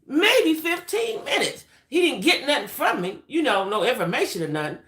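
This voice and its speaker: Animated woman chatting in an echoey room. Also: high-pitched, normal speed. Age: adult. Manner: animated, chatty, talks straight to viewers. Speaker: livestream host. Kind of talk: casual storytelling chat.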